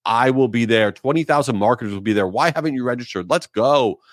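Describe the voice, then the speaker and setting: A man's voice: mid-range voice, fast, no room sound. A man hosting a podcast, telling stories in a casual, exaggerated way on a close studio mic. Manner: animated, exaggerated storytelling. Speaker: podcast host. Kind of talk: casual monologue.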